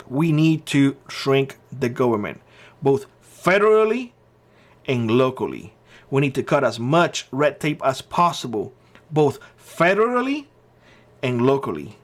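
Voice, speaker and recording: A man hosting his own channel, giving blunt opinion commentary and hammering his points by repeating short phrases. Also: mid-range voice. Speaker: channel host.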